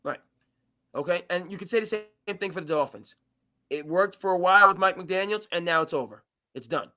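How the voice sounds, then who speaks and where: In a brisk, high-sitting voice, a man hosts a live sports debate show, pressing his arguments animatedly while often stammering and starting over.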